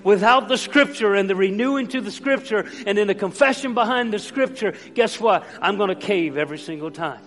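A man's voice: high-pitched, a little fast, hardly any pauses, fairly bright tone. A male pastor preaching a sermon to his congregation with passion, repeating lines and calling on everyone to say them with him. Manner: impassioned, repetitive calls for the congregation to join in. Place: church sanctuary. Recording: long church reverb with faint music.

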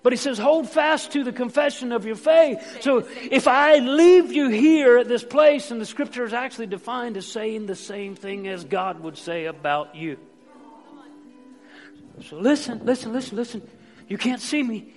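A man's voice: sits high, normal speed. A male pastor preaching a sermon to his congregation with passion, repeating lines and calling on everyone to say them with him. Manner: impassioned, repetitive calls for the congregation to join in. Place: church sanctuary. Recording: long church reverb with faint music.

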